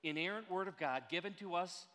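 A man preaching a sermon as a pastor, earnest and emphatic, slowing down to stress key words. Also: sits high, pushed and bright, in a large hall.

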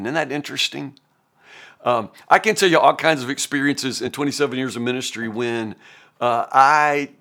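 A man's voice: mid-range voice, sharp tone. A man in his fifties, a pastor, teaching a Bible passage in an earnest, folksy, conversational way and often restarting his sentences.

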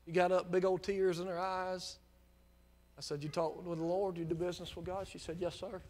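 High-voiced preacher man, swelling to loud fervor. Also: little pitch movement, brisk. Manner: impassioned preaching that swells from quiet storytelling into near-shouting. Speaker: pastor. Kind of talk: sermon.

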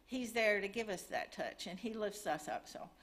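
A woman's voice: mid-range voice, animated, moderate pace. A middle-aged woman giving a testimony and a missions update in church, earnest and chatty, a little nervous.

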